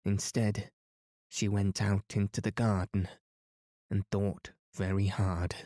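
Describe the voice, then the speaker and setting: A man reads a novel aloud as a bedtime story in a calm, soothing way. His voice is low and flat, and he speaks slowly. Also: no room sound, clean studio sound. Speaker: podcast narrator.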